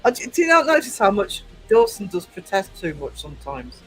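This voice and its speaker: His voice is high and fairly bright with a breathy edge, swinging hugely in pitch as he talks a little fast. He's a man from England with a Northeast accent, hosting a casual livestream where he answers viewer comments, chatty and rambling, teasing the chat with constant fillers. Soft music sits behind the rough recording.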